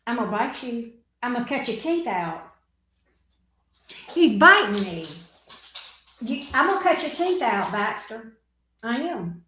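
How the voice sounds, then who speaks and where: A teasing, joking woman chatting casually with her viewers and her dog. Her voice sits fairly high, and she takes her time over every phrase. The sound bounces around an echoey room. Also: expressive, unhurried, long pauses, a bit bright. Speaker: tarot reader, channel host.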